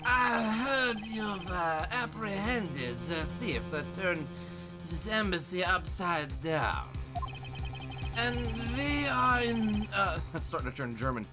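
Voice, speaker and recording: A man's voice: high voice, very animated, slow, full character voice. A man putting on a pompous old accented ambassador. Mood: smooth. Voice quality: put-on old voice with a shifting European accent. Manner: formal, hesitant with polite filler. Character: older male foreign ambassador, pompous and smooth. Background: game music.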